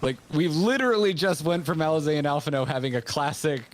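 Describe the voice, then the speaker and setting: A man hosting a game stream, rambling and excitable in casual chat. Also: on the high side, fast. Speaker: streamer host. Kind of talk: casual let's-play chat. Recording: faint game music behind.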